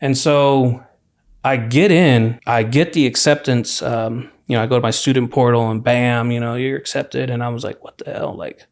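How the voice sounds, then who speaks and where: A young man from California, a university student, telling his story as a podcast guest in a relaxed, rambling way, full of "like" and "you know". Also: mid-range voice, normal speed. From California, USA. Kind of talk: casual storytelling interview.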